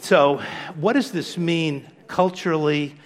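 Relaxed, conversational male lecturer. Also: fairly high pitch, slow. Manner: relaxed, conversational, with frequent fillers. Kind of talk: public lecture.

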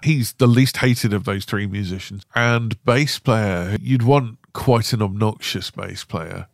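Gravelly low podcast host. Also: male voice, no room sound, studio quality. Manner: jokey, quick with puns. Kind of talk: casual interview.

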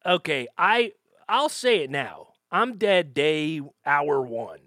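A man's voice: a little high, sing-song, slow, pushed and bright, no echo, clean studio sound. A man co-hosting a casual comedy podcast, joking, laughing often and reading news stories aloud. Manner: jokey, laughs often, reads articles aloud. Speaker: podcast co-host.

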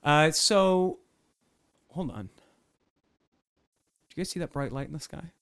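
A man improvising as a customer stuck in a car in a comedy sketch, bantering in a deadpan, mock-serious way. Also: fairly high pitch, a little slow, gravelly.

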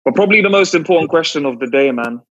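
A man's voice: fairly high pitch, lively intonation, very fast, fairly bright tone, slightly rough, lo-fi sound. A man co-hosting a podcast with a London accent, building up to a question with hesitant fillers. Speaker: podcast co-host. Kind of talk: casual interview.

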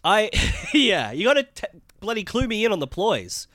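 A man's voice: sits high, wildly swooping pitch, normal speed, fairly bright tone, no room sound, clean studio sound. A man co-hosting a casual podcast, chatting about a TV episode with swearing and lots of agreeing. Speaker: podcast co-host. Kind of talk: casual TV recap chat.

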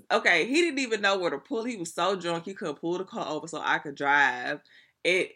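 Bright-voiced young woman telling stories. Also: fairly low pitch. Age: young adult. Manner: animated, profane, chatty slang-filled storytelling. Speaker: vlogger. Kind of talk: casual storytelling to viewers.

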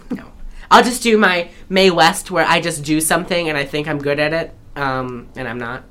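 A woman talks through a film on her podcast in loose, rambling chat. Her voice sits a little low but sounds bright and forward. She restarts sentences often and laughs along the way. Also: moderate pace. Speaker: podcast co-host. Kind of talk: casual chat recapping a film.

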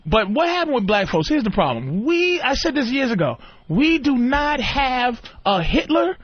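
High, lively, husky-voiced man ranting. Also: moderate pace, no echo. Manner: animated, puts on voices mid-rant. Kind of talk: casual comedic chat. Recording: muffled lo-fi podcast audio.

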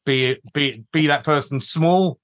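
A man's voice: fairly high pitch, moderate pace, fairly bright tone. A man co-hosting a comedy podcast, making dry remarks in casual chat while he is losing his voice. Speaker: podcast co-host.

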